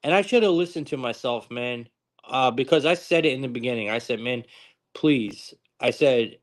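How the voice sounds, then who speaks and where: A man's voice: mid-range voice, moderate pace. A young man hosting a live sports-betting stream, talking casually with frequent swearing and exasperated outbursts. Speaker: sports betting show host.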